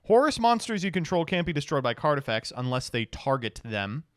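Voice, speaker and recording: A streamer reading card text aloud in a casual review, stopping for blunt, swearing reactions. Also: male voice, on the high side, big pitch swings, fairly quick, dry recording, clean studio sound.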